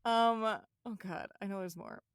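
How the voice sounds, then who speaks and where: A woman co-hosting a podcast, chatting casually about a cartoon episode, giggling often and quoting lines in quick voices. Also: medium pitch, clear, resonant tone, dry recording, studio quality. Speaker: podcast co-host.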